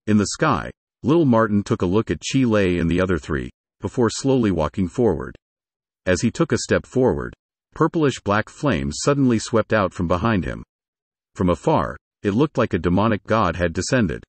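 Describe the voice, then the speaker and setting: A man narrating a fantasy story in a steady storytelling manner. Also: fairly low pitch, normal speed, slightly rough, no room sound.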